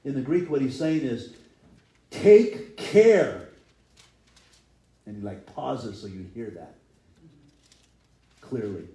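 Pastor with a mellow, roomy voice. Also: male voice, mid-range voice, expressive, a little slow, pauses often. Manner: conversational, acts out quotes in voices. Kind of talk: sermon. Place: church.

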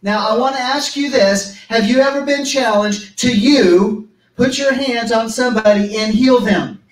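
A man's voice: very high-pitched, unhurried. A man preaching a sermon at a church service, reading scripture aloud and breaking in with emphatic asides. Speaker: pastor. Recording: echoey room, voice from a distance.

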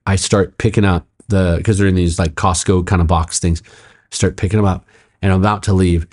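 Low-voiced man telling an animated story. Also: brisk. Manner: animated, acts out quotes, laughs often. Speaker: pastor, podcast guest. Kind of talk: casual storytelling in conversation.

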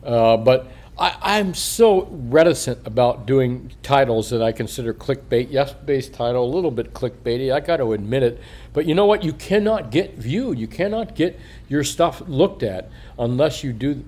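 An older man rambles through a casual video monologue, swearing freely and chuckling as he goes. His voice sits at a middle pitch with a dark, mellow tone, and his words slur a little through a missing front tooth. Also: animated, moderate pace. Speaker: coin shop owner and market commentator.

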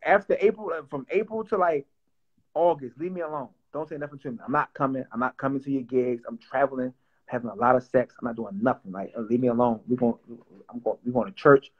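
A young man who writes and produces music talks in a relaxed, joking way, circling back on his words with plenty of fillers. His voice sits at a middle pitch for a man. The audio comes through a bit dull and lo-fi. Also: quick pace, husky. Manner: loose and playful, lots of fillers and repeats. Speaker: songwriter and producer. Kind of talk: casual interview chat.

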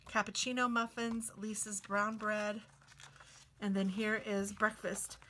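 A woman's voice: mid-range voice, flat delivery, unhurried, sharp tone, a little hiss or hum. A woman hosting a casual cookbook walk-through, reading recipes aloud and chatting with delighted exclamations. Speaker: craft and book video host.

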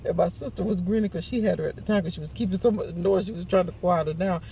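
A woman's voice: on the low side, quick pace, vocal fry, warm tone, a little hiss or hum. An older woman in a casual morning chat vlog, telling chatty stories, acting out what people said and laughing often. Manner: chatty storyteller who acts out quotes. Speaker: vlogger.

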